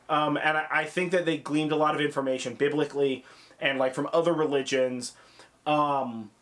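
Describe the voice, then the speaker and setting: A man co-hosting a casual film review chat who talks excitedly, swears a lot and acts out scenes in quoted voices. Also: fairly high pitch. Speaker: podcast co-host reviewing films.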